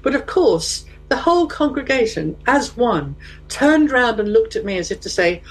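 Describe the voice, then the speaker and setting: A woman's voice: fairly high pitch, normal speed, slightly rough, poor audio. A middle-aged woman chatting casually, telling a funny anecdote and acting out the people in it. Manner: animated storyteller who acts out quotes. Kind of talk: casual chat, storytelling.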